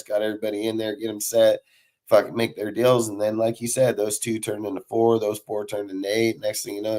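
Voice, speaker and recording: A man's voice: lowish voice, dark tone. A man hosting a casual sports talk show, ranting heatedly and swearing constantly. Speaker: podcast host.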